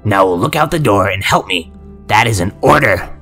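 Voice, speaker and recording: Brief: a male narrator playing a sinister general in an audio story, gruff and deep, unnervingly calm. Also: faint music behind, exaggerated voice. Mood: commanding. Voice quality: gruff, slow and delicate. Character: sinister male military general, possessed, coldly coaxing.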